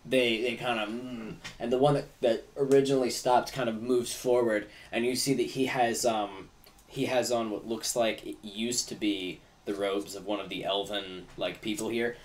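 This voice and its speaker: Man narrating a game, lowish, rambly. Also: fairly even intonation, moderate pace, recorded from a distance. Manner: rambling, many fillers like "like" and "kinda". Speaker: game master.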